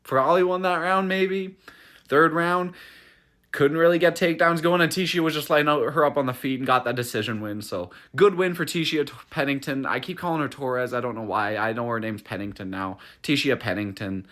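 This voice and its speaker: A young man hosts a casual solo recap vlog, swearing freely and getting worked up as he rants. He talks off the cuff, stumbling over restarts and trailing fillers, voice sitting at an ordinary middle pitch. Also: brisk. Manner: profane, ranting, excitable, with restarts. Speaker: fight recap host.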